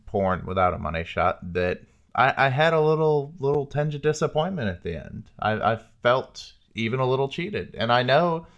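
A man's voice: medium pitch, expressive, moderate pace, fairly bright tone, dull audio. A man co-hosting a podcast, chatting frankly and casually. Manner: frank, candid and talkative. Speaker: podcast co-host. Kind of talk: casual chat.

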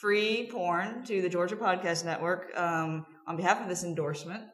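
A woman's voice: fairly low pitch, moderate pace, fairly bright tone, echoey room. Chatty woman co-hosting a casual podcast. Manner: chatty, playful, teasing. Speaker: podcast co-host.

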